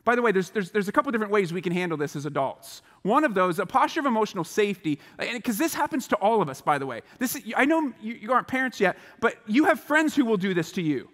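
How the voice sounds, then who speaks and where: Animated man speaking in a big hall. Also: high-pitched, fast, hardly any pauses. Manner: animated, acts out quoted voices. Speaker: chapel speaker. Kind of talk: motivational chapel talk to students. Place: large school chapel hall.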